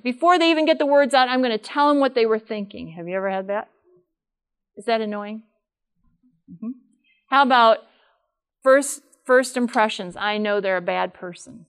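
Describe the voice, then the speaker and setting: A woman's voice: a little high, clear, resonant tone. An older woman giving a live talk to an audience in a room, chatty and asking them questions. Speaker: speaker at a workshop.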